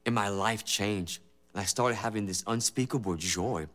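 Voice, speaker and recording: A man's voice: lowish voice, moderate pace, fairly bright tone. A man giving a personal faith testimony as a former gang member, emotional and earnest, with many repeated phrases. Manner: emotional, repetitive, earnest storytelling.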